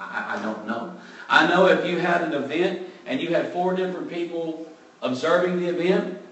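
A man giving a conversational Bible teaching, relaxed and thinking aloud, openly admitting what he is unsure of. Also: fairly high pitch. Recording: very echoey room, mic far off, faint background noise.

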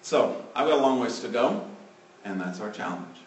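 A male preacher delivering a sermon, swinging between loud emphatic lines and hushed, trailing phrase endings. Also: medium pitch, lively intonation, moderate pace, distant mic. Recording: roomy, from off the mic.

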